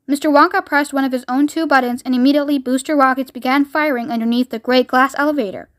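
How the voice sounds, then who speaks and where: A woman reading a children's book aloud in a lively, expressive way. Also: sits high, fast, hardly any pauses, no echo, studio quality. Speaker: reader.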